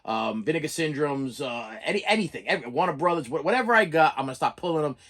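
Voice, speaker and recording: A man's voice: fairly high pitch, expressive, fast talker, a bit bright. A middle-aged man who collects movies, telling a long story in a casual, rambling way and often stammering and repeating words.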